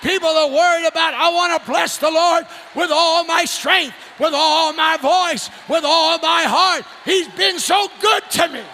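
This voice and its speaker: High-pitched shouting preacher man. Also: a little slow, few pauses, some chatter behind, a little hiss or hum. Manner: shouting, whooping, folksy and rousing. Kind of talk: fiery revival sermon. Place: church sanctuary.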